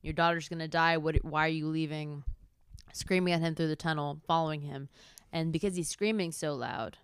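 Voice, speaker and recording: Low smooth-voiced woman on a movie podcast, dry sound, jumps in with plot bits. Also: no room sound. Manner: chimes in with quick agreements and retells plot points. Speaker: podcast co-host. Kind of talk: casual film discussion.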